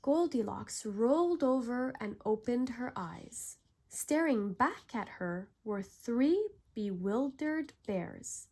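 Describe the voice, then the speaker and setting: A woman narrates a bedtime story with calm, gentle warmth, unhurried and soothing. Her voice sits slightly high, and she takes her time over each line.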